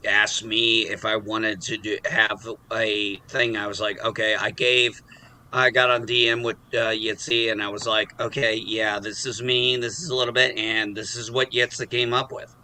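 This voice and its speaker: A man's voice: on the low side, flat delivery, normal speed, pushed and bright, a little hiss or hum. A man hosting a casual live stream chat, rambling and cursing freely. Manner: swears freely, rambling, self-deprecating. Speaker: host.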